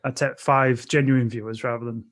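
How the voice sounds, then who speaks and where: A man's voice: medium pitch, little pitch movement, normal speed, a bit bright. Laid-back Yorkshire man in podcast chat. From Yorkshire, England. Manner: laid-back, slangy, rambling.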